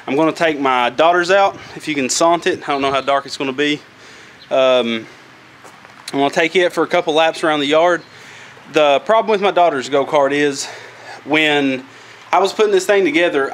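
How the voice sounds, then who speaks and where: A man's voice: mid-range voice, fairly bright tone. A man hosting a casual do-it-yourself workshop vlog, talking in a rambling, folksy way with loose grammar. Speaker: DIY go-kart vlogger.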